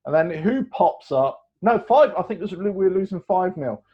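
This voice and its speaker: A man in his fifties tells long, rambling stories as a guest, his voice sitting a touch high and full of animation. He laughs easily between lines. The recording sounds dull and lo-fi. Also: lively intonation, normal speed, husky. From England. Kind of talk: casual storytelling chat.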